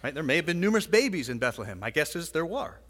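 A man's voice: on the high side, very animated, fast, a bit bright. Guy preaching in a church, chatty, keeps saying right?, lots of echo. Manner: conversational, frequent asides and "right?" tags. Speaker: pastor. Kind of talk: sermon. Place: church sanctuary. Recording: long hall reverb.

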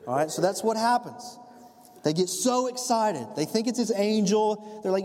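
A man preaching a sermon as a pastor, telling the story in an animated way and acting out the scenes. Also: sits high, moderate pace. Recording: long hall reverb.

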